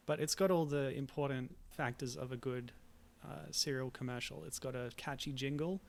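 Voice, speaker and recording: Brief: male co-host, gravelly voice, easy chatty delivery. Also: medium pitch, steady tone, moderate pace, few pauses. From Australia. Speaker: podcast co-host. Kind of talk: casual chat.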